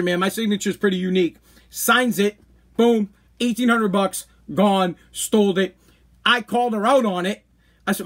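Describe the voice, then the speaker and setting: High-pitched guy with a husky voice, swearing a lot while telling a story on his podcast. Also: fairly bright tone. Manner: blunt, profane, worked-up. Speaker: podcast host. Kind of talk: casual storytelling.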